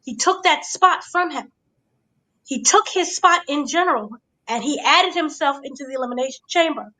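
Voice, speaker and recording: A woman hosting a casual review chat, giving an excited blow-by-blow recap and checking in with her listeners. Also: high-pitched, normal speed, poor audio. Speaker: podcast host.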